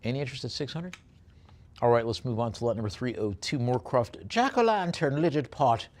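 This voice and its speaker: A man's voice: mid-range voice, animated, a little fast. Man, auctioneer, live auction calling, hesitant fillers, joking asides. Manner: chatty, with joking asides between lots; hesitant, many fillers while describing items.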